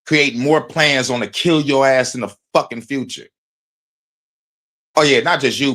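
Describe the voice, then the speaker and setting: A man's voice: mid-range voice, a bit bright. A man hosting a stream, reacting to a video with heated, profane, rambling commentary.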